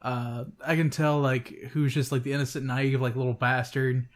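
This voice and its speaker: A young man co-hosting a podcast, telling work stories in casual, profane, animated chat. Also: mid-range voice, moderate pace. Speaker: podcast co-host.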